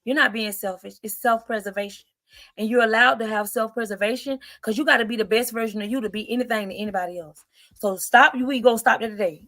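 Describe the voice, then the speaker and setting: A woman's voice: a little high, fairly bright tone, dry recording, studio quality. A woman in her forties on a podcast, speaking in an earnest, encouraging way with a preachy lilt. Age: 40s. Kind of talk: podcast talk.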